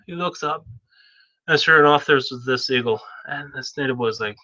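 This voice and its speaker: A man telling a story off the cuff. He rambles and circles back a lot. His voice is bright and slightly high, on a dull, lo-fi recording. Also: unhurried, long pauses, dry recording. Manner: rambling, many fillers and restarts. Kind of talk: casual spoken storytelling.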